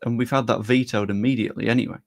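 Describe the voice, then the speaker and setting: A man's voice: mid-range voice, steady tone, racing, vocal fry. A young man hosts a casual live stream. His voice sits in an ordinary middle register, and he rambles easily and a bit sweary, speaking directly to his viewers. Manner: chatty, loose, mildly sweary, talks to chat.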